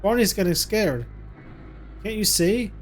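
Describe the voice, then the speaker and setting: Man voicing a scared young mother, hushed. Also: medium pitch, fairly quick, faint music behind, close to an everyday voice. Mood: pleading. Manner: hushed and soothing, coaxing a child. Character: frightened young mother protecting her son. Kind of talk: reading game dialogue aloud.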